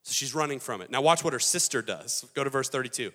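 Male pastor, animated and emphatic sermon, bright, forceful voice, long hall reverb. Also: mid-range voice, fast. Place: large hall.

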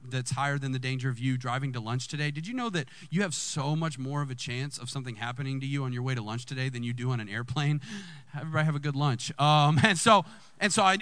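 Man, lead pastor, lively sermon storytelling, bright voice, dry sound. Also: clean tone, no room sound. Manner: animated, jumps high when excited.

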